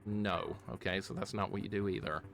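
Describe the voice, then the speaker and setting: A man from the southeastern United States with a slight Southern city accent, chatting excitedly while streaming a game and greeting viewers. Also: fairly low pitch, brisk, gravelly, music in the background. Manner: chatty, excitable, laughs often, greets chat. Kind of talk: live gameplay commentary.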